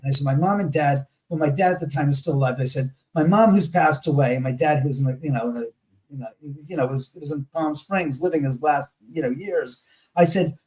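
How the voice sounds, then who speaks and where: A man guest on a live talk show, telling a story in a lively way, acting out his past arguments and swearing freely. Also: fairly high pitch, low-quality recording. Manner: animated, acts out his own past arguments.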